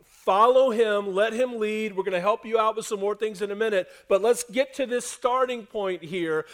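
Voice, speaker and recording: A man preaching a sermon to a congregation, dropping to hushed lines and rising to loud, emphatic ones. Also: sits high, moderate pace. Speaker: pastor. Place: church hall before a congregation.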